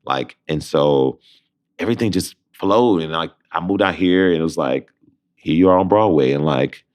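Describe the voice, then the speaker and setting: A man with a very low, deep bass voice tells his story with great animation, jumping into the voices of the people he talks about. He is a young adult from Detroit and a Broadway performer, speaking as a podcast guest in casual conversation. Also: moderate pace. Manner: lively storyteller who acts out both sides of phone calls.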